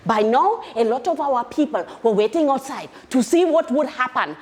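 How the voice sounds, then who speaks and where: An excitable young South African woman, played by a woman, tells her tale in a South African accent. Her voice sits high and bubbles with eagerness in a stage-monologue style. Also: moderate pace. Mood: excited storytelling. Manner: lively, excited storytelling. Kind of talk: theatre monologue.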